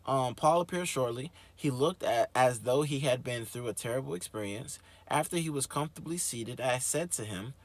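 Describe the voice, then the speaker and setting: A man hosting his own show, reading a book aloud and breaking off into animated, slangy, swearing commentary. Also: medium pitch, moderate pace, few pauses, no echo. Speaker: host.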